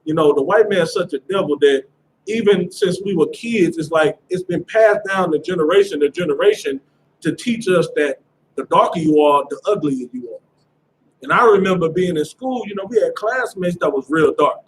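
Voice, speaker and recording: A man's voice: high-pitched, animated, normal speed, slight background noise, poor audio. A man teaching a scripture class in a casual lecturing manner, often checking "you understand?".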